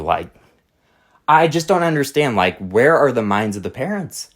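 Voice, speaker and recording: A man's voice: medium pitch, big pitch swings, unhurried, long pauses. A man hosting his channel, delivering an exasperated, blunt monologue to camera in casual slang. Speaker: channel host.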